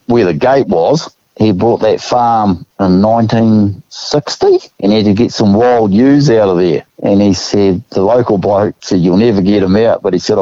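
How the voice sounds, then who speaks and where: A man with an Australian accent telling a story in a relaxed, casual way, acting out what people said, with the odd chuckle. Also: on the low side, no room sound, muffled recording. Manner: laid-back yarn-spinner, acts out quotes with chuckles. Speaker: guest.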